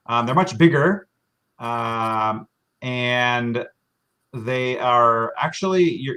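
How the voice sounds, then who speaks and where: American man giving a relaxed slide talk. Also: mid-range voice. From Washington State, US. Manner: relaxed, friendly, many ums and uhs. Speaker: virtual tour guide. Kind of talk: casual presentation over slides.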